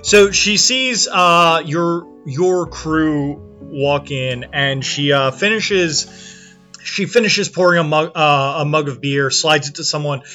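A man running a tabletop game, describing the scene in a stop-and-start way full of fillers. His voice sits high and bright, with a sharp, forceful tone. Faint music plays underneath. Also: slow pace. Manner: hesitant, many fillers and restarts. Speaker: game master.

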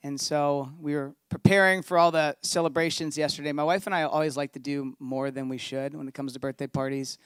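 A man's voice: fairly high pitch, clean tone, dry recording, studio quality. A man, a pastor preaching a sermon in a conversational, storytelling way.

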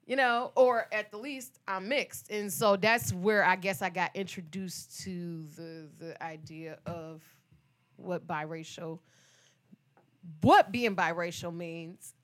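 A young woman from Detroit talks in a relaxed, chatty way as a co-host on a podcast. She is animated and teasing with her co-host as she tells her own stories. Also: mid-range voice. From Detroit, USA. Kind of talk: casual chat.

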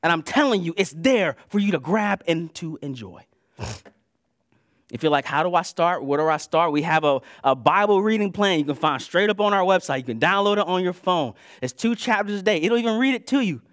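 A man preaching a sermon in a casual, conversational way, moving between loud bursts and hushed asides. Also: sits high, lively intonation, brisk, dry recording, studio quality. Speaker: pastor.

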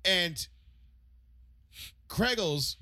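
A man co-hosting a casual chat show, telling a story in an excitable, profane way with loud re-enacted outbursts. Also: sits high, drawn-out words, no room sound. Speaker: podcast co-host.

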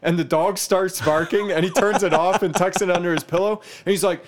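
A man in casual chat, an animated storyteller who laughs often. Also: high voice, fairly quick.

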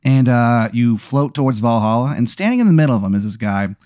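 A man's voice: medium pitch, expressive, brisk, darkish tone, no echo, studio quality. A man hosting a comedy podcast, improvising a silly story with fillers and stifled laughs. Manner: rambling with fillers, laughing as he tells it. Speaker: podcast host.

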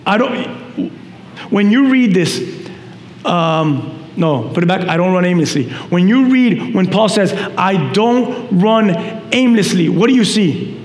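A male pastor preaching a sermon, animated, with shouted peaks and quick asides to the congregation. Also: sits high. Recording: echoey hall reverb, faint noise.

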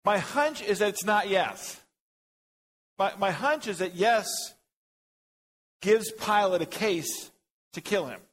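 A man leads a Bible study in a church classroom, talking casually to his group. His voice sits a bit high for a man, and he jokes, thinks aloud and calls on people by name. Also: animated, slow pace, long pauses, fairly bright tone, poor audio.

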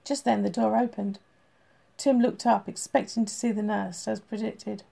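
A woman narrates an audiobook in steady, even storytelling. Her voice is gravelly with a mellow, warm tone. The telling moves along without fuss. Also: mid-range voice, moderate pace.

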